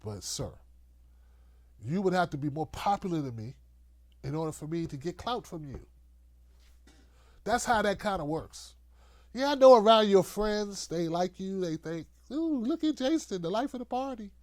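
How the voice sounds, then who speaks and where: A middle-aged man hosting a political commentary show, ranting loosely to camera in a mocking, animated way and often acting out the voices he quotes. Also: high-pitched, moderate pace, pauses often, no room sound.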